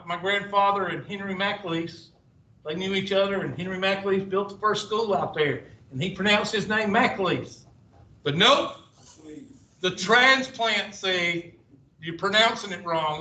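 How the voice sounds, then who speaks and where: A man's voice: sits high, sharp tone. A male math teacher, lecturing a class with rambling, sarcastic asides. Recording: echoey classroom from far off.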